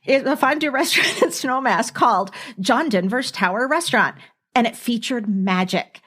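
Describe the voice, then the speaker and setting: Animated woman podcast host telling stories. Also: on the high side, moderate pace. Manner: animated storyteller, laughing often. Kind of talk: casual chat.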